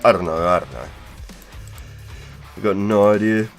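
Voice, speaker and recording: A young man with a New Zealand accent talks to his live-stream viewers in a deep, low voice. He is laid-back and slangy and swears freely. Faint music plays quietly behind him. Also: moderate pace. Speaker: game streamer. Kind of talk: casual live-stream chat.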